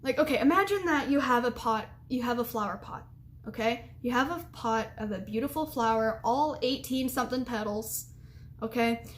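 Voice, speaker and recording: A woman's voice: fairly high pitch, normal speed, a little hiss or hum. A young adult woman giving casual advice to camera, chatty and rambling with lots of fillers and giggles.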